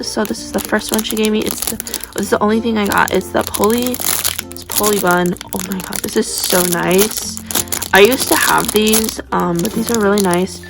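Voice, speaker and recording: A young woman chatting casually as she unboxes squishy toys, gushing and gasping with excitement. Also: medium pitch, creaky. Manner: excitable, gushing, breathless gasps.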